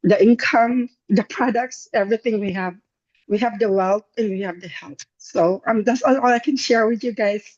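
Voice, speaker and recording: A woman telling an emotional personal story on a video call, halting and near tears, repeating herself as she speaks. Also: medium pitch, a little mellow, muffled recording. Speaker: guest member sharing a story. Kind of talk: emotional testimonial on a group call.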